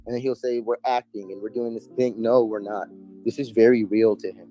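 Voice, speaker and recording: Mellow-voiced man, emphatic street talk. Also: medium pitch, steady tone, brisk, faint music behind. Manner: emphatic, profane, street slang. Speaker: interview guest. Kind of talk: casual storytelling interview.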